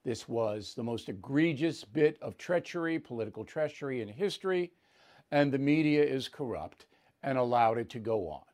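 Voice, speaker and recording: An older male news host delivering live commentary. He speaks in a calm, deliberate cadence and leans hard on key words for emphasis. His voice sits at an ordinary male pitch.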